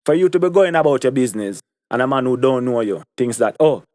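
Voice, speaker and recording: A man's voice: mid-range voice, animated, fast, darkish tone, no room sound. A young man with a Jamaican accent giving an opinion monologue to camera, repeating his points for stress. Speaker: commentary vlogger.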